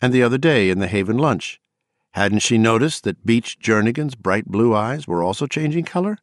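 A man narrates a novel in a steady, dramatic way. His voice sits on the low side, and it is recorded close and dry with almost no room sound. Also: no echo. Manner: measured, dramatic storytelling. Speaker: audiobook narrator. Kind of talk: scripted narration.

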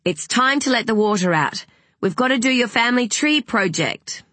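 A woman voicing a frazzled young mother who speaks sternly and in a hurry, with a breathy voice. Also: fairly high pitch, expressive, normal speed, a bit bright, dry recording, voice pushed up. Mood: hurried.

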